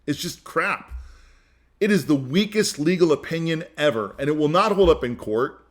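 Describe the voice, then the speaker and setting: A podcast host speaks in a raised, fairly high voice that stays high throughout. He argues hard and emphatically, repeating phrases and restarting sentences as he presses each point. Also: animated, moderate pace. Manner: emphatic, heated, repeats himself. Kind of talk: opinion monologue.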